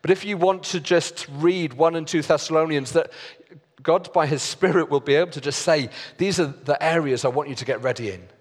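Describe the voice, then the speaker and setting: A man preaching a sermon as pastor, earnest and deliberate with pauses and fillers. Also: fairly high pitch. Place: church hall. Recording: long reverb of a church hall.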